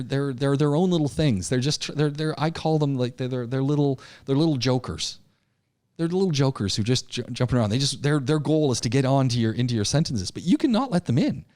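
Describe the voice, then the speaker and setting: In a classroom lecture, a man teaches public speaking with animated delivery, frequently repeating words and restarting sentences. He swings between loud emphasis and a low, quiet voice.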